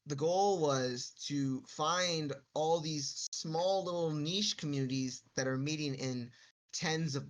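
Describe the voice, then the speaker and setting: Man, podcast chat, boastful jokes, detailed explanations. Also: fairly high pitch. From Texas. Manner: boastful and joking, then detailed and deliberate. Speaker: esports tournament organizer.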